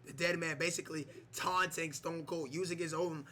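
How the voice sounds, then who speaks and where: Excitable man doing wrestling play-by-play on a game; high, bright voice. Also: moderate pace, slight background noise. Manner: excitable, shouts on big moves, many fillers. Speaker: gameplay commentator. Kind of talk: mock wrestling play-by-play over a video game.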